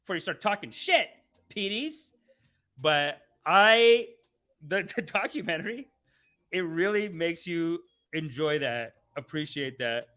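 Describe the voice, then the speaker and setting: A man hosting a casual live stream, rambling and swearing excitably, often laughing mid-sentence. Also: on the high side, unhurried. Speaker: host.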